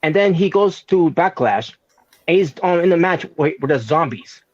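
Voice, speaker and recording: A man's voice: a little high, expressive, moderate pace, dry recording, highs cut off. A man co-hosting a casual wrestling podcast, rambling with many fillers. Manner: rambling, full of fillers and restarts. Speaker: podcast co-host.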